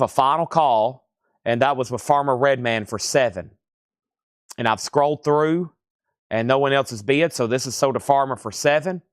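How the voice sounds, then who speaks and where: A man with an ordinary, middle-pitched voice runs a live online vinyl auction. He moves briskly through titles, condition grades, prices and bidder names. The sound is dry and close, with no room echo. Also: a bit bright.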